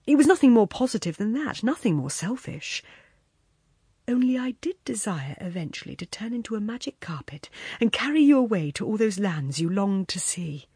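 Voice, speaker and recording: A woman reading the part of a wistful, earnest man who speaks softly and musingly, in a husky, breathy voice. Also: high-pitched, no room sound, studio quality, exaggerated voice. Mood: tender. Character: wistful, wheedling former young lover, man.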